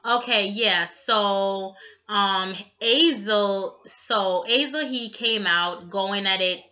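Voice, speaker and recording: A woman's voice: medium pitch, takes it slowly, bright, forceful tone, lo-fi sound. A woman vlogger giving a casual, opinionated recap with blunt remarks and lots of fillers. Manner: chatty, blunt, many fillers. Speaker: vlogger reviewing a reality show.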